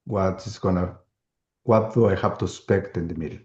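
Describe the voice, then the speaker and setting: A man's voice: deep voice, steady tone, moderate pace, mellow, roomy sound, highs cut off. A man, a student on a video call, answering in brief and hesitant phrases.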